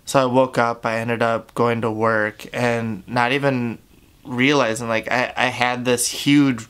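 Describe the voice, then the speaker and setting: Young man with a bright, clear voice. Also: medium pitch, flat delivery. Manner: halting, candid, heavy swearing, many fillers. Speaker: YouTuber. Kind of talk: confessional storytelling.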